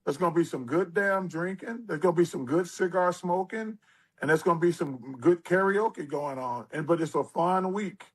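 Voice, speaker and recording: A man in his sixties, an interview guest, telling stories in a casual, animated way with lively asides. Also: high voice, moderate pace, husky. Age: 60s.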